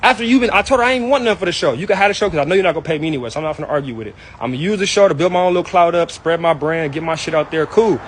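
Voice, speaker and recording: A man's voice: fairly high pitch, rapid-fire, few pauses, slight background noise, rough recording. A young man in a heated personal rant, angry and hurt, talking in slang and repeating himself.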